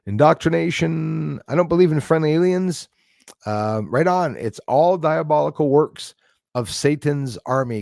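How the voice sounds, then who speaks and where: A man's voice: a little high, lively intonation, normal speed, vocal fry, darkish tone, no room sound, studio quality. A man, hosting a live stream, ranting with strong opinions and greeting viewers by name. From Canada. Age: 40s. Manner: ranting, opinionated, laughs between remarks. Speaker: livestream host. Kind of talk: casual live-stream chat reading viewer comments.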